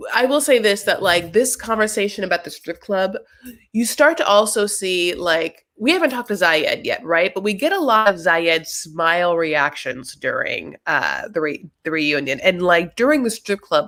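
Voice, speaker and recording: A woman's voice: fairly low pitch, fairly bright tone. A woman hosting a casual chat, rambling through a recap with lots of fillers and acted-out quotes. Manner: rambling, filler-heavy, acts out quotes in funny voices. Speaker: host.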